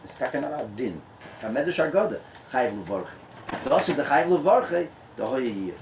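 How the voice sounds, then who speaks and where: A man, a rabbi, giving a lively Torah talk at a gathering, mixing in Hebrew and Yiddish terms and laughing often. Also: mid-range voice, moderate pace, noisy background. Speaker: rabbi, guest speaker. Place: tent. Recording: echoey and distant room sound.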